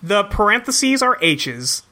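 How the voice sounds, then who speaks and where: A man's voice: high-pitched, big pitch swings, takes it slowly, pushed and bright. A laid-back man who laughs often, organizing a casual read-through chat.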